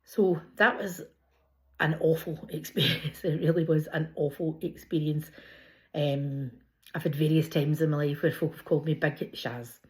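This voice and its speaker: Low-voiced Glasgow woman chatting. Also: fairly even intonation, normal speed, darkish tone. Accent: Scottish, Glasgow. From Scotland. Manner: chatty, laughing storyteller. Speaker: vlogger. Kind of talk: casual personal vlog.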